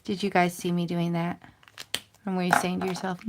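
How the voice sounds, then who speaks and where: Chatty woman with a gravelly low voice. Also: flat delivery, a little fast, background noise. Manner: chatty, self-deprecating, talks to viewers as "you guys". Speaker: crafting channel host. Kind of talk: casual livestream chat while stamping and coloring.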